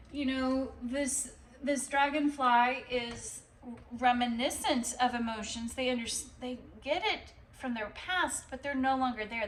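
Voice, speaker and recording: A woman's voice: a little high, reverberant, recorded from a distance, slight background noise, poor audio. A woman giving a casual, rambling tarot reading, with swearing and laughter mixed in. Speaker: tarot reader.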